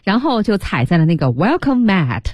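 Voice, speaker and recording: In a radio studio, a female host teaches a bilingual English lesson with a sing-song, mid-range voice that is a little mellow. She talks at normal speed, explains with animation, and mixes in English words; there is no echo.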